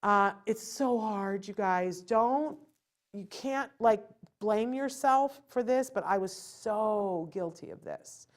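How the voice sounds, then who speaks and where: A middle-aged woman hosts a live parenting talk. She explains with lively, animated energy and often slips into a child's thinking to show what the child wants. Her voice sits at a middle pitch for a woman. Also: takes it slowly. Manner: animated, acts out a child's thoughts and parental lectures. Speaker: host. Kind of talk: live webcast talk giving parenting advice.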